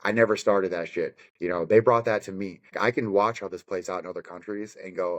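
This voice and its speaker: A fired-up man on a podcast, rambling and cursing his way through his points. His voice sits on the low side. He talks in an easy, conversational way. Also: a little fast, few pauses. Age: adult with children. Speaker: podcast guest, bare-knuckle fighter.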